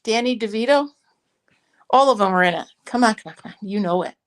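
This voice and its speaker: A woman's voice: mid-range voice, animated, a little fast. A woman hosting a casual crochet club chat, playful and rambling, laughing often. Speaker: host of a crochet club stream.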